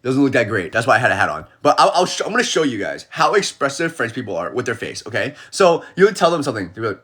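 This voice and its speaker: A young man chatting casually on a phone livestream, an animated storyteller who acts out the people he quotes. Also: mid-range voice, quick pace, breathy edge.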